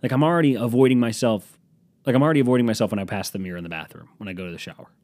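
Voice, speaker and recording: A man's voice: mid-range voice, rapid-fire, a little mellow, no room sound. A young man hosting a solo podcast, rambling in a jokey, self-deprecating way with some swearing. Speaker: podcast host.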